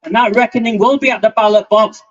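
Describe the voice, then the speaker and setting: A man's voice: high-pitched, fairly even intonation, fast talker. A man, giving an angry, defiant speech at an outdoor demonstration. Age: 50s. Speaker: rally speaker. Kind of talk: impassioned outdoor rally speech. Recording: muffled lo-fi outdoor recording.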